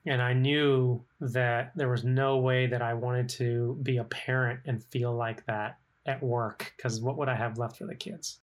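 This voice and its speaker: A middle-aged man speaks as an interview guest in his ordinary mid-range voice. He tells his story in a lively way, often slipping into the quoted voices of people he worked with. His talk is conversational, with frequent fillers. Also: mid-range voice, a little slow, hardly any pauses. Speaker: guest, legal operations professional.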